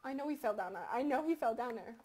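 A young woman giving casual gameplay commentary, crude and joking, with sudden loud outbursts. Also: fairly high pitch, lively intonation, quick pace, background noise. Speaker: gaming commentator.

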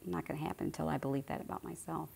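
Low gravelly woman teaching. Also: steady tone, racing, a little mellow. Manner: conversational, repeats phrases for emphasis. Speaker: spiritual teacher. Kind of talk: informal spiritual teaching to a group.

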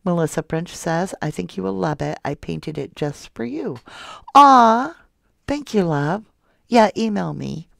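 A soft-spoken woman hosting a true crime livestream, reading viewer comments aloud and calling her viewers love and honey. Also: on the low side, moderate pace, gravelly, few pauses, dry recording, clean studio sound. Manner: affectionate toward viewers, calls them love and honey. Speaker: true crime channel host.

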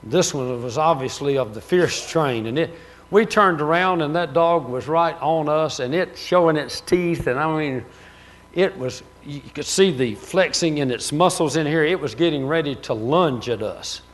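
A man preaching a sermon as pastor, telling stories with laughter and loud exclamations. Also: a little high, moderate pace. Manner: storytelling, laughs at his own stories, rises to loud exclamations.

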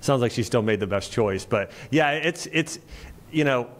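A man's voice: mid-range voice, lively intonation, moderate pace, slight background noise. Rambling man hosting a podcast. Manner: rambling, full of restarts. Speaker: podcast host. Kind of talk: casual interview chat.

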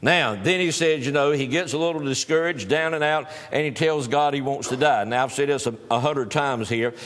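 A man's voice: mid-range voice, normal speed, a bit bright, big-room sound. A male pastor preaching a sermon in a folksy storytelling manner, with teasing humor.

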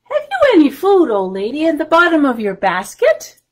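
A woman voicing a greedy, hungry male fat cat in a children's storybook reading, high and whiny. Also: huge pitch swings, moderate pace. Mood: demanding.

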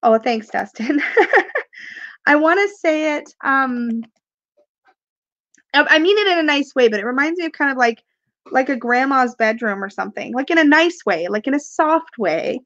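Speaking at a moderate pace with long pauses and lively intonation, a woman with a high, somewhat bright voice hosts a casual live stream. She's a tarot creator unboxing on camera, coughing and sucking cough drops as she rambles, laughs, and reads comments from viewers. The audio is dry and lacks the top end.

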